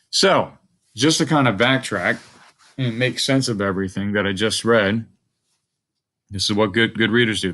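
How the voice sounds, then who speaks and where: Low-voiced man teaching a class. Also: fairly bright tone. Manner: thinks aloud, asks the listener questions. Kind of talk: modeling a close read aloud.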